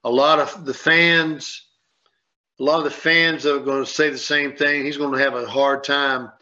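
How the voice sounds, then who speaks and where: A man's voice: a little high, little pitch movement, normal speed, sharp tone. A man on a sports radio show, rambling and repeating himself as he tells a story and acts out what people said. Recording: dull lo-fi sound.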